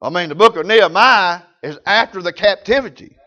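A man's voice: high voice, a little fast, pushed and bright, lo-fi sound. A man preaching a sermon, telling folksy stories in rural grammar.

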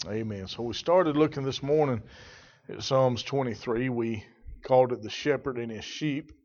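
A man preaching a sermon in a church, reading scripture and teaching in a measured way, repeating key phrases. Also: medium pitch, a little mellow, highs cut off.

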